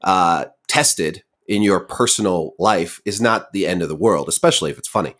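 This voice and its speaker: A man's voice: low voice, moderate pace, fairly bright tone. A man hosting a casual interview, speaking in a thoughtful, hedging way. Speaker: interviewer, host.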